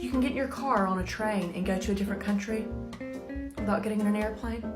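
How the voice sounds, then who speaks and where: A woman's voice: mid-range voice, fast, loud music behind the voice. A woman vlogging casually, brash and joking with emphatic asides. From southern United States. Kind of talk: casual comic vlog.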